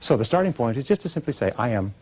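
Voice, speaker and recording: A man's voice: mid-range voice, animated, rapid-fire, noisy background. A man giving a motivational speech to a live audience, emphatic and acting out little dialogues. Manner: emphatic, acts out dialogue, leads audience call-and-response. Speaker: motivational speaker.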